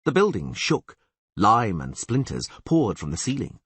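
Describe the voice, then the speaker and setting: Husky male audiobook narrator, dry studio. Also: fairly low pitch, huge pitch swings, unhurried, a bit bright, dry recording.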